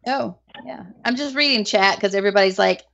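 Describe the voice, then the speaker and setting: A woman's voice: medium pitch, brisk, vocal fry, a bit bright, dull audio. A young woman with a Southern US twang, casually chatting and reading chat as a live-stream co-host, giggly and self-mocking.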